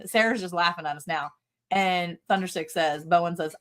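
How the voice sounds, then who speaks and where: A woman's voice: fairly low pitch, moderate pace, a bit bright. A middle-aged woman co-hosting a casual livestream, giggling often and reading viewer comments aloud. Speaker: livestream co-host.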